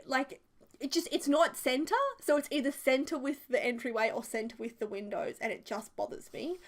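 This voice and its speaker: A chatty young-sounding woman talks through a casual voiceover. Her voice sits a little high, and her speech is loose and rambling, with plenty of "like" and "um.". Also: a little fast. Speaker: video creator. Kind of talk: casual voiceover for a building video.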